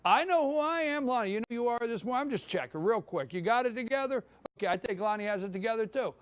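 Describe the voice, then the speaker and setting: Male morning-show host, emphatic and opinionated, very high and lively voice. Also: quick pace, smooth. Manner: fired-up, emphatic, repeats his points. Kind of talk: live opinion monologue. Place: live broadcast from a downtown spot.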